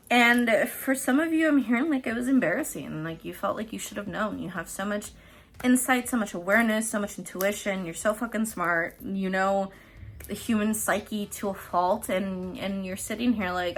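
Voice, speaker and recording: A woman's voice: mid-range voice, moderate pace, a bit bright, faint music behind. A woman hosting a casual pick-a-card tarot reading, chatty and profane, often laughing mid-sentence. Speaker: tarot reader and host.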